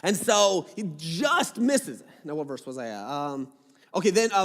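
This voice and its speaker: A man's voice: fairly high pitch, very animated, unhurried. A man preaching a sermon, reading scripture aloud and breaking off into jokey, casual asides. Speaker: pastor. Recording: long hall reverb.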